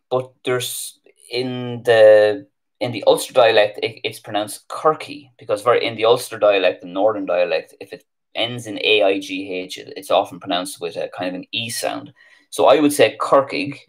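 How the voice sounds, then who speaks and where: A man with an Irish accent teaching Irish place names on a live stream, thinking aloud with ums and restarts. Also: lowish voice. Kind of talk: live stream lesson, casual explaining.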